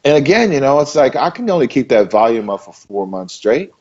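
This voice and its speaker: A man's voice: mid-range voice, very animated, brisk, darkish tone, muffled recording. A man being interviewed, talking casually and emphatically, repeating himself for stress in a loose, conversational way. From Maryland. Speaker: interview guest, bodybuilder.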